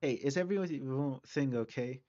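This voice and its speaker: A man's voice: mid-range voice, measured pace, no room sound, close to an everyday voice. A man voicing a poised, friendly teenage girl who leads a club and teases in a composed way. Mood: concerned. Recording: slightly dull with soft music.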